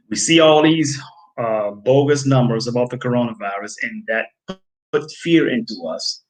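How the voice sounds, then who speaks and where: A man's voice: medium pitch, a bit bright, poor audio. A man hosting a health video, lecturing his viewers in a preachy, emphatic way, repeating key phrases and calling them folks. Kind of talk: preachy direct-to-camera talk.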